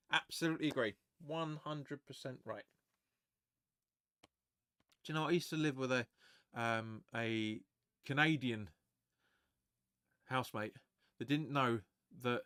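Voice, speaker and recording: Male fan host, bright raised voice, dry close mic, excitable live match chatter. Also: medium pitch, unhurried, no room sound. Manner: excitable, chatty, swears, reads viewer comments aloud. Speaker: fan watch-along host. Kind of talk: live match watch-along commentary.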